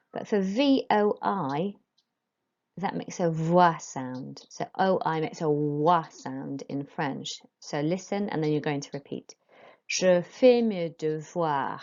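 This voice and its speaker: A woman teaching a school French lesson, modelling each phrase slowly and carefully for pupils to repeat. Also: sits low, darkish tone, muffled recording. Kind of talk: recorded classroom lesson.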